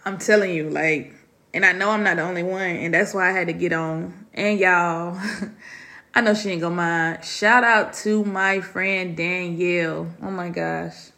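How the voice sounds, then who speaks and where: This solo podcast host records at her dining room table, her voice lowish, fairly level, and bright with a forceful edge at an unhurried pace. Heartfelt and confiding, she speaks openly to her audience and addresses them as y'all.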